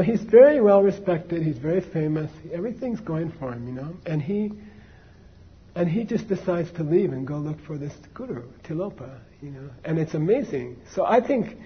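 Man, husky voice, slightly high pitch, informal dharma talk, lo-fi sound. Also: sing-song, normal speed. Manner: conversational, many fillers and asides to the audience. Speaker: Buddhist teacher. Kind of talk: casual dharma talk, storytelling.

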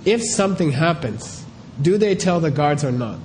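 Middle-aged male teacher, slightly high mellow voice, casual conversational delivery, peppers his talk with rhetorical questions. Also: animated, normal speed, slight background noise. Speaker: spiritual teacher.

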